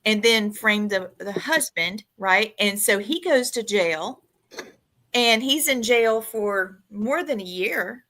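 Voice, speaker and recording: A woman with a Southern accent hosting a casual true-crime chat, giving blunt, animated commentary. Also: mid-range voice, takes it slowly.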